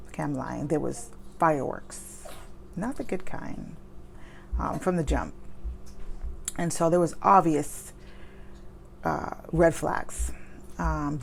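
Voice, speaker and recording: A woman in her thirties, a mother, telling a personal story at home in a candid, chatty way with lots of fillers, speaking fast. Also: low-pitched, creaky, a little mellow, slight background noise. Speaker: vlogger. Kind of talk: personal story time, advice to viewers. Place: home with children nearby.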